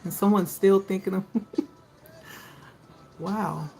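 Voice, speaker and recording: Slow, gravelly woman chatting on a livestream. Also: mid-range voice, steady tone, warm tone, low-quality recording. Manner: chatty, talks to viewers by name. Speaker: tarot reader hosting a live stream. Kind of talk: casual live-stream chat with viewers.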